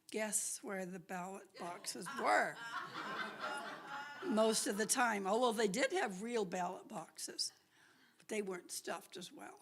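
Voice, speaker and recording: A woman telling a lively story at a church talk, chatty and laughing often. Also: mid-range voice. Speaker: guest speaker.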